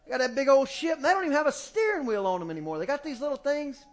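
A man with a strikingly high voice delivers a folksy, animated sermon in a church. He talks into a handheld microphone, and he often acts out bits of talk from his family. Faint music plays behind him. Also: rapid-fire. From small-town US. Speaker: pastor.

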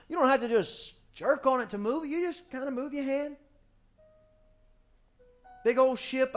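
A middle-aged man preaching a folksy, animated sermon in a church, speaking into a handheld microphone. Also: very high voice. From small-town US. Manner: folksy and animated, acting out family quotes. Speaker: pastor. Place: church sanctuary, music faint behind.

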